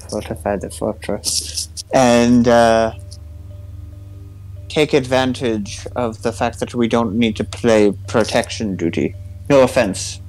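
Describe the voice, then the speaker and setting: A man playing a tabletop game, talking through a plan in halting, filler-filled speech. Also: medium pitch, steady tone, a little mellow, faint music behind, poor audio. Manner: halting, many pauses and fillers. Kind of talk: in-character party planning.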